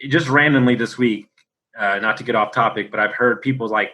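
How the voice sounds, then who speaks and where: A man's voice: mid-range voice, moderate pace, sharp tone, low-quality recording. A man hosting a podcast interview, asking probing questions in a casual way and answering with rhetorical questions. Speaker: podcast host. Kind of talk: conversational interview.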